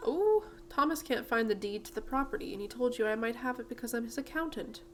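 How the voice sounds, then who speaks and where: A woman's voice: fairly high pitch, animated, fast, lightly acted, poor audio. A woman voicing a kindly, chatty lady in a game with a put-on British accent. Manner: gentle and chatty. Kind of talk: reading game dialogue aloud.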